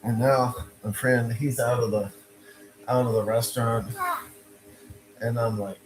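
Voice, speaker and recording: A man casually telling a personal story, animated and repeating himself, with frequent stops and restarts. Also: medium pitch, a little slow, pauses often, over music, rough recording.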